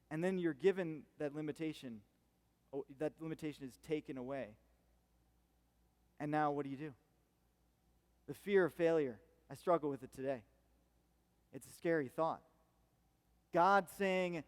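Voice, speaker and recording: A man's voice: a little high, a little slow, long pauses, big-room sound. A man preaching a casual, rambling sermon as pastor, full of fillers and restarts. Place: church hall.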